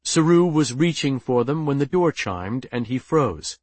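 A man reads an audiobook aloud in a measured, even storytelling voice. His pitch sits in the middle for a man, and the sound is close and dry. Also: dry recording. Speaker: audiobook narrator. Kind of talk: scripted narration.

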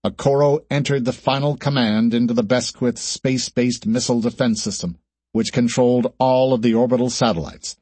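A man narrates an action audiobook in a steady, measured voice of middle pitch. His tone is husky, and the recording is dry and close. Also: dry recording. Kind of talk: scripted narration.

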